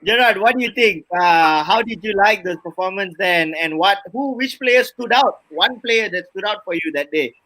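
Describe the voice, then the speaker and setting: A man's voice: sits high, normal speed, few pauses, pushed and bright, no room sound. A man hosting a casual panel talk over a video call, hesitant and repeating words. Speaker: podcast host.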